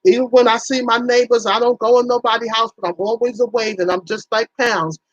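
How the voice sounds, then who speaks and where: A woman's voice: a little high, steady tone, fairly quick, dry recording, lo-fi sound. A woman hosting a casual livestream, chatting in a folksy way with her viewers and acting out little conversations. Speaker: livestream host.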